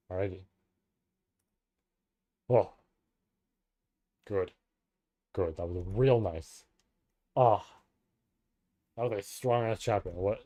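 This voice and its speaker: During a live stream, a man reads passages from a novel aloud, then breaks off into casual, excited reactions laced with profanity. His voice is on the low side, and there's no room sound.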